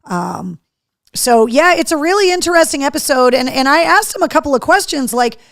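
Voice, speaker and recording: A middle-aged woman hosts a live home-studio show in loose, casual chat, reading out viewers' comments as they come in. Her voice sits a little high, and the sound is dry and close to the mic. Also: lively intonation, brisk, vocal fry, a bit bright, no echo. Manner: chatty, reads viewer comments aloud. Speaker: host.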